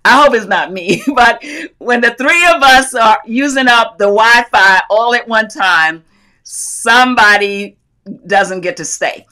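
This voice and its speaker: On her crafting livestream, a middle-aged North Carolina woman talks a little slowly in a slightly high, pushed, bright voice. She laughs often, reads out viewer comments, and warmly greets everyone by where they're from.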